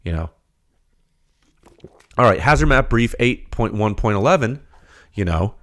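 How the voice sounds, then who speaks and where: With a voice on the low side, a man hosts a technical podcast. He starts out ranting with animation and rapid-fire rhetorical questions, then shifts into explaining data.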